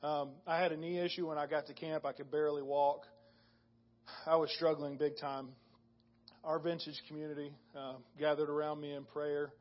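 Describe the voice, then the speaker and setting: Earnest man testifying, slightly high voice. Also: level tone, muffled recording. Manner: earnest, halting with restarts and ums. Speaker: church member sharing testimony. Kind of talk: casual spoken testimony to a congregation.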